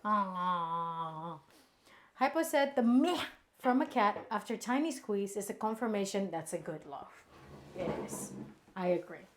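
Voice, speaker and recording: A woman's voice: medium pitch, lively intonation, a little slow, a bit bright, a little hiss or hum. A woman hosting a casual cooking stream, chatting and reading viewer comments aloud in a bubbly way.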